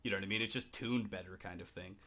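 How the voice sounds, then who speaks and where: A man co-hosting a podcast in casual chat, excitable and swearing often, with lots of "like" and "you know what I mean.". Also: low voice, fast talker. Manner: excitable, swearing, filler-heavy. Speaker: podcast co-host.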